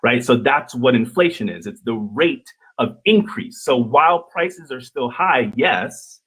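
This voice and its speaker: A man on a discussion panel who explains his points calmly and patiently. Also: medium pitch, a little slow, breathy edge, low-quality recording. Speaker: panel guest. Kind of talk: panel debate.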